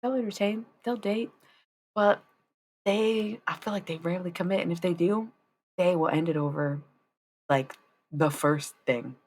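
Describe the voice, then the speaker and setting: A woman's voice: lowish voice, unhurried, long pauses, darkish tone. A woman in her thirties chatting casually and profanely on a tarot livestream. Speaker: tarot-reading streamer.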